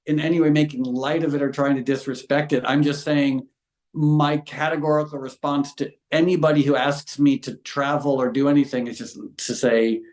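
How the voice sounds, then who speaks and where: A man's voice: fairly high pitch, level tone, moderate pace, a little mellow. Earnest middle-aged man in a roomy space. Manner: earnest, impassioned and frank. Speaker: guest. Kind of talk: conversational interview. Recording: roomy echo.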